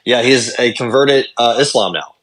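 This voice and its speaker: A young adult man co-hosting a podcast, recapping fights in casual chat, talking fast and swearing. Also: mid-range voice, fairly bright tone. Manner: rapid, swearing fight recaps with lots of fillers. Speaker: podcast co-host.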